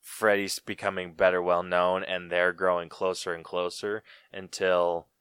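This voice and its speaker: A man's voice: sits low, little pitch movement, a little slow, fairly bright tone, smooth, no room sound, studio quality. A man co-hosting a podcast in casual chat, rambling and laid-back, with lots of "like" as he thinks aloud. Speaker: podcast co-host. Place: podcast studio.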